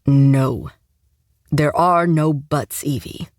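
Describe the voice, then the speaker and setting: A woman voicing a commanding, protective male enforcer who speaks in a measured, formal way for an audiobook. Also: low-pitched, dry recording, studio quality. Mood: stern. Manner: measured, formal, unhurried speech. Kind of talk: audiobook narration.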